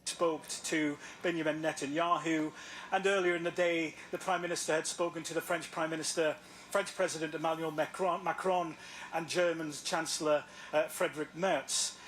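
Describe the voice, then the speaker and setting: A man's voice: on the high side, fairly even intonation, fairly bright tone, slight background noise. Formal male news correspondent. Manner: measured, formal reporting. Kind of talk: broadcast news report.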